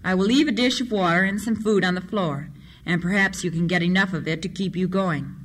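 A narrator playing a slow, commanding bandit chief. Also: medium pitch, fairly bright tone, natural voice. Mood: measured. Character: calm bandit chief, a grown man.

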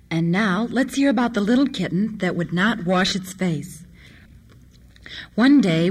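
A storyteller reads children's tales aloud, steady and expressive, with a voice that sits in the middle range. The reading moves along evenly from one tale to the next. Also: medium pitch.

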